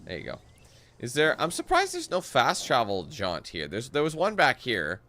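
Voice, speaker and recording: A man's voice: medium pitch, huge pitch swings, moderate pace, a little hiss or hum. A man from Canada giving joking, profane gameplay commentary in a rambling, playful way. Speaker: gaming commentator. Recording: game music loud underneath.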